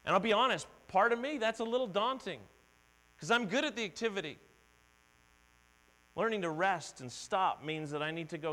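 Bright-voiced pastor preaching in a reverberant hall. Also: male voice, high-pitched, expressive, normal speed, pauses often. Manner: conversational, earnest, acts out quoted voices. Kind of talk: sermon. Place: church sanctuary. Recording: long hall reverb with mains hum.

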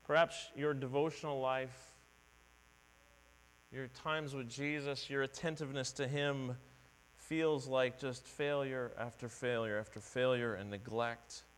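The speaker is a middle-aged male pastor giving a sincere, conversational sermon in a church sanctuary and performing quoted voices. His mid-range voice is steady, unhurried, fairly bright, and clean, captured with long hall reverb and mains hum.

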